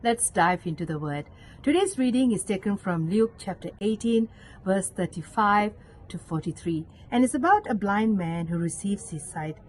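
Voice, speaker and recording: A woman's voice: animated, moderate pace, slight background noise, poor audio. A woman with a Malaysian English accent giving an earnest devotional reflection on a scripture reading, as a lay catechist. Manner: earnest, acts out quoted voices with sudden pitch jumps.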